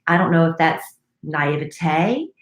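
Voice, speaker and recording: A middle-aged woman and radio co-host, telling a story in a chatty, animated way in casual talk. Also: deep voice, slow pace. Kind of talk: casual chat. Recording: echoey room.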